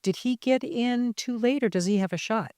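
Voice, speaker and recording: A middle-aged woman moderating a panel discussion on stage, brisk and joking as she prompts the panelists. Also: a little high, darkish tone, smooth, dry recording, studio quality. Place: conference stage.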